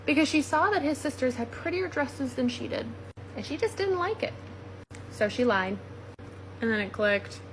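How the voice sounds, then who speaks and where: A woman telling a grave story in a measured way. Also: high-pitched, lively intonation, background noise. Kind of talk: spoken account.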